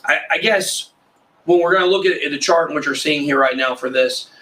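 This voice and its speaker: A man hosting a casual roundtable conversation, prone to cutting in with puns. His voice sits a bit high, and he sounds set back from the microphone. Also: fairly quick, pushed and bright, recorded from a distance, rough recording. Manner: jokey, interrupts with puns. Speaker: host.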